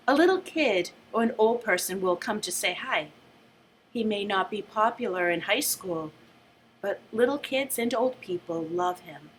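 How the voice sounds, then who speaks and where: A woman teacher reading a book aloud with a lively, shifting delivery, then summing it up casually. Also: a little high, slight background noise.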